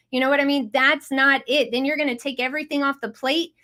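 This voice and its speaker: A woman's voice: sits high, fairly even intonation, fast talker, hardly any pauses, sharp tone. A woman hosting a live online audio room, hyped and chatty with lots of exclamations. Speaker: host.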